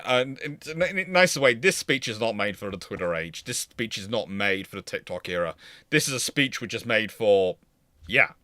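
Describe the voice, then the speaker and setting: A man's voice: on the low side, expressive, moderate pace, bright, forceful tone, dry recording. A man presenting naval history in a casual lecture, rambling and correcting himself as he goes. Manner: rambling, self-correcting, chuckling.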